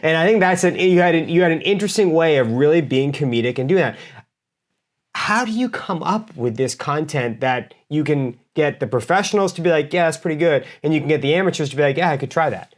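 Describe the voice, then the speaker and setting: A man's voice: a little high, animated, a little fast. A man hosting a podcast, asking long, enthusiastic, rambling questions. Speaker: podcast host. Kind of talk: casual interview chat.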